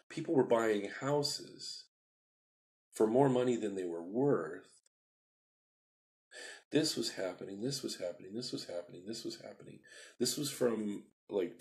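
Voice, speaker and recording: A man telling his life story on a live video stream, rambling and repeating himself, acting out quoted dialogue, pushing some words hard and rushing others. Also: deep voice.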